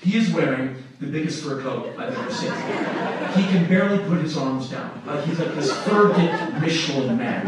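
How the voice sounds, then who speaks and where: A middle-aged man telling a story live to an audience, animated and laughing through his telling. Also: a little high. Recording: echoey room from far off with noise.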